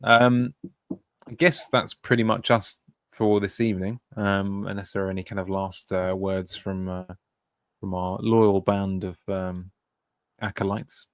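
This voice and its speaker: Male co-host, low pitch, meandering and hesitant, casual and dry. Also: little pitch movement, unhurried, fairly bright tone, clear, resonant tone, no room sound. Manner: hesitant, filler-heavy wrap-up patter. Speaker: podcast co-host. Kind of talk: casual chat.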